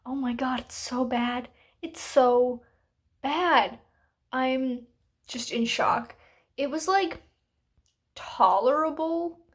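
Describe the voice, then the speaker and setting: Casual book vlogger, woman, slightly high pitch, exasperated rambling delivery full of fillers. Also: takes it slowly, long pauses. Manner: chatty and exasperated, many fillers. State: hiccuping. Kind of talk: casual reading vlog rant.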